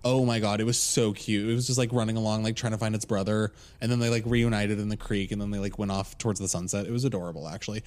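A man's voice: on the low side, quick pace, few pauses. A man co-hosting a podcast, telling a story in a loose, chatty way full of "like" and laughter. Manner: animated, laughing storyteller with many "like"s. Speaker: podcast co-host. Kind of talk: casual storytelling chat.

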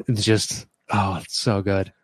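A man chatting casually about a TV comedy, animated and swearing, acting out quoted lines in passing. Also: fairly low pitch, slightly rough, no echo. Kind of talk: casual chat about a TV show.

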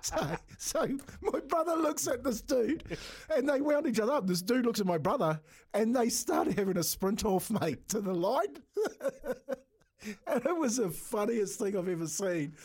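A man's voice: sits high, sing-song, normal speed, darkish tone, breathy edge. A middle-aged man with a New Zealand accent, co-hosting a radio show, telling a funny family story with frequent laughter and lots of "mate". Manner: chatty, laughs often, says "mate" a lot. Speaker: radio co-host. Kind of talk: casual radio banter and storytelling.

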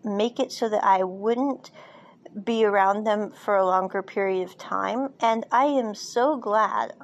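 A woman's voice: medium pitch, a little slow. A woman podcast host recapping and reviewing a drama in a chatty, casual way, laughing now and then with frequent asides. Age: adult, parent.

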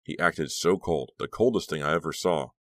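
A man's voice: extremely low pitch, normal speed, no room sound. A man voicing a sarcastic, anxious teenage girl in an audiobook, raising his voice and speaking dryly. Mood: wry, uneasy. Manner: raised girlish voice, dry and uncertain.

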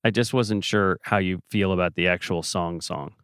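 A man's voice: low-pitched, moderate pace, a bit bright, clear, resonant tone, dry recording, studio quality. Easygoing man co-hosting a music chat. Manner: easygoing, thoughtful, asks questions. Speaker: podcast co-host. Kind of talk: casual music discussion.

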